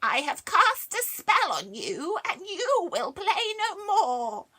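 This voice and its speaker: A woman's voice: sing-song, slow, heavily acted. A woman voicing a horrid, spiteful old witch who cackles as she gloats, for a children's story reading. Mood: spiteful gloating. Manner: cackling, shrill and loud. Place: library reading, indoors.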